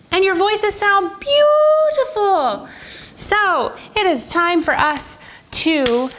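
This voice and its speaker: Woman music teacher, high lively voice, slow unhurried delivery, sing-song prompts for young kids, classroom. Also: a little hiss or hum. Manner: encouraging, sing-song call-and-response prompts. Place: school classroom.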